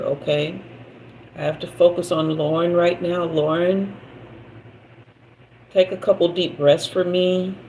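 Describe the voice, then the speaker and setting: Woman, spiritual reader, slow, emotional, soothing, faint background noise. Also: on the low side, vocal fry, darkish tone, low-quality recording. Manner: emotional, slow and soothing, talks to viewers directly. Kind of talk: live psychic reading.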